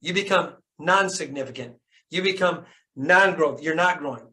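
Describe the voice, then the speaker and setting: A man's voice: fairly high pitch, moderate pace, bright, forceful tone. A man giving a fired-up motivational talk on a video call, preaching and asking the audience questions, repeating phrases for emphasis and cursing casually. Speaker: motivational speaker.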